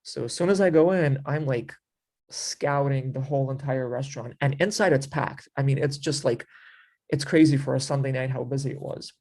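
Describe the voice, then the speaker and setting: This interview guest has a medium-pitched, darkish voice at a normal speed. He tells a story in casual conversation, rambling with plenty of fillers like "like" and "you know," and acts out things he once said.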